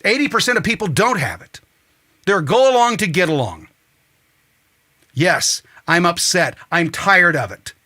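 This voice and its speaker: Man, talk host, angry rant, swearing, high voice, wildly swinging pitch. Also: very animated, a little slow, pauses often. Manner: ranting, swearing, rising to shouts. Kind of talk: angry political monologue.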